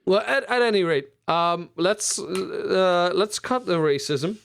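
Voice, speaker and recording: A man's voice: high-pitched, slow, gravelly, a bit bright. A young man co-hosting a podcast, rambling and joking crudely in casual banter. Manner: rambling, crude and jokey, many restarts. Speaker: podcast co-host.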